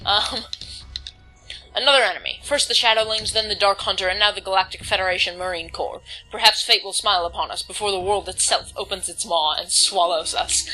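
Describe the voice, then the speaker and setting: A woman's voice: medium pitch, sharp tone, rough recording. A woman casually commenting on her gameplay, reading on-screen text aloud and stumbling over words now and then. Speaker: let's play host.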